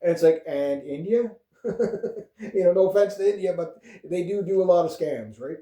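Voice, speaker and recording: Canadian male vlogger, mellow voice sitting a touch high, rambles and swears, roomy echo. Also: moderate pace. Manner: rambling, profane, with frequent fillers and chuckles. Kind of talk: casual political rant. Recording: echoey room.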